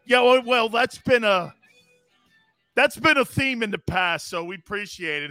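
A middle-aged man hosting a live sports talk stream, loud and excitable, reacting to the chat with exclamations. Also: high voice, a little slow, no room sound, soft background music. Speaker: sports talk show host.

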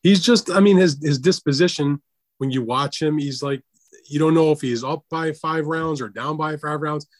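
A man co-hosting a casual boxing talk show, giving plain-spoken, measured analysis. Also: fairly high pitch. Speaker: podcast co-host.

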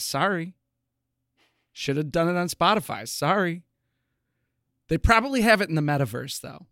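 A man's voice: fairly high pitch, a bit bright, no room sound, studio quality. A young man co-hosting a podcast, casually riffing jokes and goofy tangents. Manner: joking, playful riffing. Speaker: podcast co-host. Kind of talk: casual chat.

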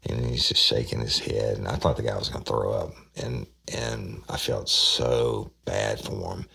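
A man tells a police story in a loose, casual way. His voice is extremely low, with a heavy gravelly fry and a husky edge. He acts out the lines of the people in his story as he goes. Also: expressive, measured pace, pushed and bright. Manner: retells dialogue, acting out quoted voices. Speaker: detective recounting a case.

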